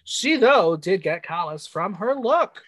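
A man's voice: high voice, sing-song, takes it slowly, fairly bright tone. A man co-hosting a casual podcast, recapping a drag show and reading out the judges' critiques with sass. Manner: reads out judges' critiques, sassy. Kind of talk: casual chat.

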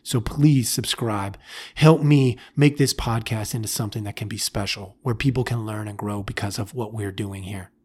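A man's voice: lowish voice, steady tone, normal speed, darkish tone, husky. A middle-aged man hosting a podcast, talking earnestly and directly to parents, acting out what a parent or a kid might say. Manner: earnest, direct, acts out quoted parents and kids. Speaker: podcast host and family therapist. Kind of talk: casual advice talk.

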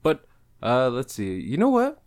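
A man co-hosting a podcast, talking in loose, rambling chat full of swearing and laughter. His voice sits at a middle pitch but swings widely up and down as he gets carried away. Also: huge pitch swings, measured pace, a little mellow, no echo, clean studio sound. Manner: rambling, crude, laughs often. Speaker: podcast co-host. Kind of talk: casual chat.

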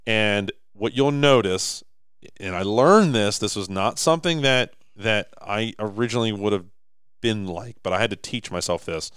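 Man, deep voice, smooth, close dry mic, casual podcast chat. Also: moderate pace, dry recording. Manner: animated storyteller, acts out quotes. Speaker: podcast co-host.

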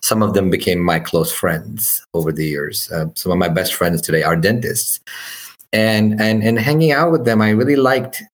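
A middle-aged man, a podcast guest, talking in a relaxed, conversational way. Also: lowish voice, normal speed. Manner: relaxed, many fillers and restarts. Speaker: podcast guest, business founder. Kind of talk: casual interview answer.

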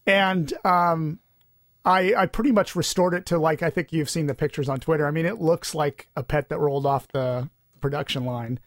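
A man's voice: on the high side, fairly even intonation, moderate pace, dry recording, studio quality. A man co-hosting a podcast, chatting casually and rambling with restarts and fillers. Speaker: podcast co-host. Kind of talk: casual chat.

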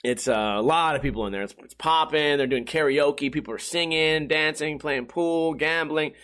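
At a moderate pace and with a fairly bright tone, a young man tells stories casually. He curses freely, laughs along, and does impressions of others by pitching his voice up.

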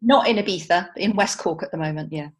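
A woman's voice: on the low side, quick pace. Reflective woman speaking on a call. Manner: thoughtful, reflective. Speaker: founder of a support network, podcast guest. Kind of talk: casual group chat on a call. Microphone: video call.

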